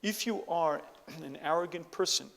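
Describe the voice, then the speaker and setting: A man giving an emphatic religious lecture who often clears his throat. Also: a little high, moderate pace, long reverb tail, background noise. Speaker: Torah lecturer.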